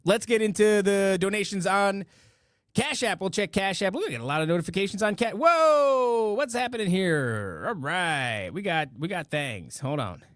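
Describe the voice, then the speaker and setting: A man's voice: high voice, animated, moderate pace, a bit bright, dry recording, clean studio sound. A man hosting a casual live stream, joking around with silly catchphrases and stumbling as he reads out donations. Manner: playful, jokey, with repeated silly catchphrases; stammers and restarts while reading amounts. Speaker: podcast host reading out donations.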